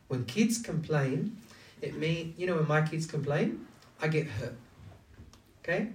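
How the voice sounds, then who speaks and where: In an echoey room, well away from the microphone, a man with a fairly high, slightly mellow voice preaches conversationally. He keeps the audience engaged by repeatedly posing rhetorical questions.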